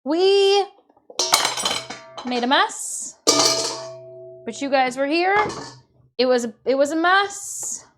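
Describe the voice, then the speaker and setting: A woman from Michigan chatting casually on a live stream while she cooks, swearing freely and often dropping to a quiet mutter. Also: high voice, expressive, slow, long pauses, loud music behind the voice. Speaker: livestreamer.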